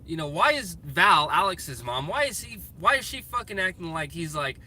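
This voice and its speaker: Stuck in traffic in his car, a male vlogger rants in frustration for a casual vlog, swearing freely and restarting his sentences again and again. His voice is a little high and sing-song, moving at normal speed, and loud road and traffic noise fills the recording.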